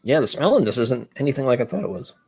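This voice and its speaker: A man's voice: mid-range voice, very animated, quick pace, darkish tone, breathy edge. A young American man hosting a casual live stream while tasting whiskey, rambling and interrupting himself, often slipping into playful voices. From United States. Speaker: stream host.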